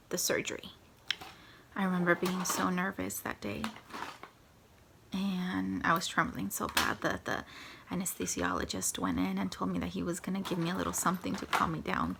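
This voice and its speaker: A young woman telling a personal story in a vlog, at times dropping into a soft whisper as she recounts it. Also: fairly low pitch, creaky, noisy background. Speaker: vlogger.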